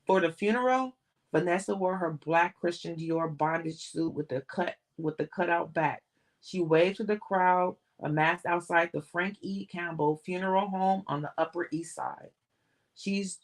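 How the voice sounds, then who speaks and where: A woman reading a novel aloud on a livestream, steady and plain, sometimes restarting a word. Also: on the low side, measured pace. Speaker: audiobook reader.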